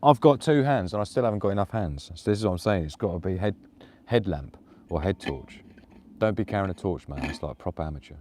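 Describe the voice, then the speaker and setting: A man's voice: low-pitched, lively intonation, quick pace, noisy background. A man live-streaming casual chat outdoors in the woods at night, laughing often and cooing at his dog. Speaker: prepper vlogger.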